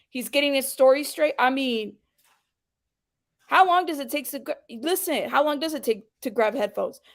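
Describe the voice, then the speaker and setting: A high-pitched woman hosts a live commentary stream, heated and confrontational as she calls out a viewer in her chat. She talks straight at the audience in a casual, blunt way. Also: expressive, unhurried, pauses often. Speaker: livestream host.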